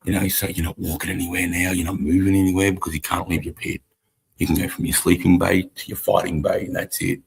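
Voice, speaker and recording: A middle-aged Australian army veteran hosting a live stream, telling a war story in a blunt, profane, casual way. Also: male voice, low-pitched, flat delivery, fast, creaky, breathy edge, rough recording.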